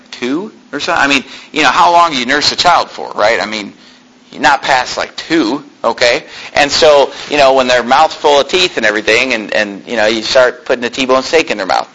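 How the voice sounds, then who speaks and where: Reading scripture and unpacking it conversationally, this preacher keeps checking in with his congregation by asking "okay?". He has a medium-pitched, bright and forceful voice, captured on poor audio.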